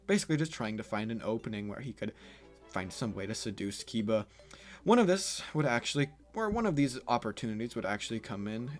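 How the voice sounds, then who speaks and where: A man casually narrating a fan what-if story, rambling and swearing freely as he goes. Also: medium pitch. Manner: rambling, profane, offhand. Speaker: YouTube storyteller.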